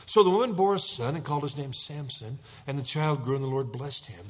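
In a medium-pitched voice that runs a little fast, a middle-aged man preaches as a pastor. His sermon is animated storytelling, complete with impressions of panicked husbands.

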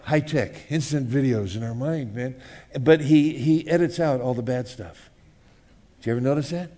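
A man preaching to his congregation in an easy, casual manner. His delivery swings between loud, raised passages and quiet, hushed asides, and he asks the room questions along the way. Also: medium pitch, normal speed. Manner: animated, swings from loud to hushed, acts out voices. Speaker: pastor. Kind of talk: sermon.

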